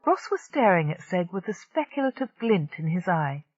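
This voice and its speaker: An audiobook narrator reading a science-fiction novel in a steady, even storytelling voice. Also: medium pitch, normal speed, no room sound, highs cut off.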